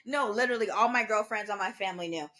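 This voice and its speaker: A young woman in her twenties chats casually as a podcast co-host. She tells her story with energy, jumping into the voices of the people she quotes. Her pitch sits in the middle range for a woman. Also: rapid-fire, slight background noise. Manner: animated, acts out quoted voices.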